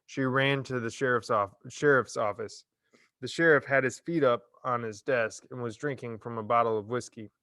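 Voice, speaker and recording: A man reading a novel chapter aloud in a measured, expressive storytelling manner. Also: medium pitch, dry recording, clean studio sound. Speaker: reader. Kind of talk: audiobook narration.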